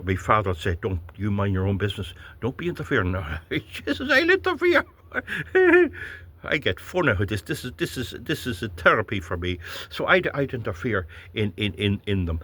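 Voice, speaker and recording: Husky Irish man on a rambling rant. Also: on the low side, bright, forceful tone. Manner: blunt, rambling, chuckling, stumbles over words. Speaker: vlogger. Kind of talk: ranting political monologue.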